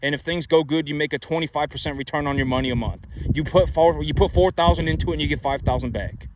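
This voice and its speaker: A man's voice: a little high, fast, noisy background. A man giving money advice in a casual, emphatic monologue, repeating himself and asking rhetorical questions. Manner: repetitive, emphatic, many rhetorical "right?" asides.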